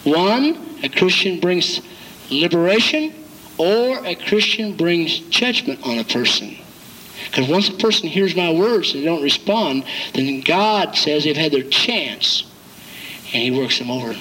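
A man's voice: on the high side, sing-song, a little slow, bright, forceful tone, slight background noise, low-quality recording. An older man, a pastor, preaching a folksy sermon, cracking jokes and acting out quotes from his flock. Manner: folksy, jokey preaching with acted-out quotes and chuckles.

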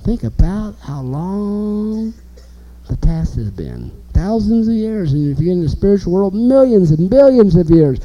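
A man preaching an informal sermon, animated and emphatic, asking the listeners questions. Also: high voice, a little slow, dull audio.

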